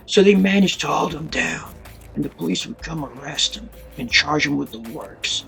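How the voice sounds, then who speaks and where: A man's voice: fairly high pitch, animated, moderate pace, creaky, pushed and bright, soft background music. A man narrating a true-crime story in a casual, dramatic, colloquial way, acting out voices and sound effects.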